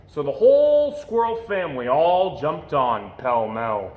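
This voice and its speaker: A man reading a rhyming picture book aloud with an expressive, rhythmic delivery. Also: fairly high pitch, unhurried, few pauses. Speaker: storyteller. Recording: echoey room.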